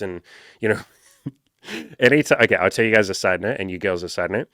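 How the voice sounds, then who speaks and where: Emphatic, profane man with a low, dry voice. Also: fairly quick, pushed and bright, smooth, dry recording. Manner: emphatic, profane, puts on voices when quoting himself. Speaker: podcast host and dating coach. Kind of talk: casual podcast commentary reading an article.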